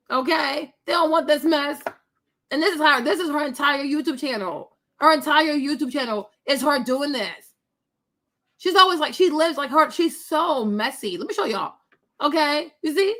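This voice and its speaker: A high-voiced woman talking casually over clips she's reacting to. She is blunt and mocking, laughing often as she picks apart what she sees. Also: fairly bright tone. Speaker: commentator reacting to online videos.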